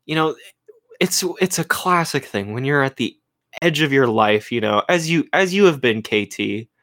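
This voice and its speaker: A woman chatting casually as a podcast co-host, animated and jokey, rambling through a movie scene. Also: very deep voice, normal speed. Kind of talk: casual chat about a movie.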